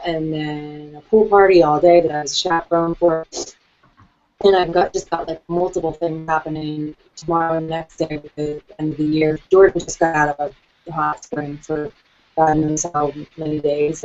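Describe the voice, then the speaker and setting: A woman co-hosting a live online training, chatting in a lively way. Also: low-pitched. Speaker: co-host. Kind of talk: casual live webinar chat. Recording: muffled online call audio.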